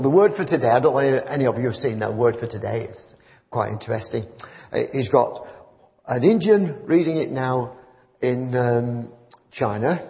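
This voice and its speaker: A man's voice: mid-range voice, darkish tone. A man preaching an informal sermon, telling stories in a rambling, conversational way and building to fervent emphasis. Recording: muffled church recording with long reverb.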